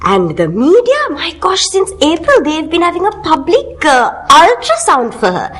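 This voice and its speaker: A woman's voice: high-pitched, huge pitch swings, moderate pace, a bit bright. A woman with a Sri Lankan English accent in scripted comic banter, teasing and wry. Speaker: comedy sketch co-host.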